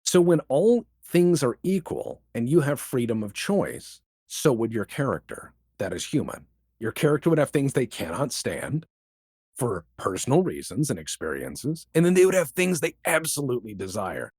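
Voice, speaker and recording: Husky, animated man rattling off questions. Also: mid-range voice, no echo, studio quality. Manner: animated, rapid-fire rhetorical questions. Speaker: podcast guest, voice actor. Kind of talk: casual interview chat.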